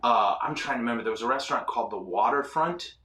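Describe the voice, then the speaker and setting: A man hosting a casual ministry show, telling animated, self-deprecating stories with lots of fillers. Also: mid-range voice, fast talker, echoey room, recorded from a distance, slight background noise. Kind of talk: casual storytelling chat. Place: ministry studio.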